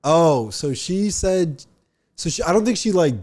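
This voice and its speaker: Rambling young man with a mellow voice. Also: fairly high pitch, expressive, a little slow. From northern New Jersey. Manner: rambling, filler-heavy. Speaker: podcast host. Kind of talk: casual chat.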